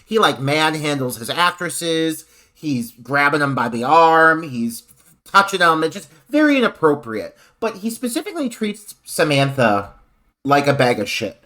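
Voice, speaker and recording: Man, slightly higher pitch, bright tense tone, opinionated film chat. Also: unhurried. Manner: animated, opinionated, laughs while talking. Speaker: podcast panelist. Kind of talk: casual film discussion.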